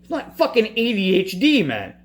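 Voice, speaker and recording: Angry, swearing man with a high voice. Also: huge pitch swings, moderate pace. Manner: profane, frustrated, restarts often. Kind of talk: angry personal rant.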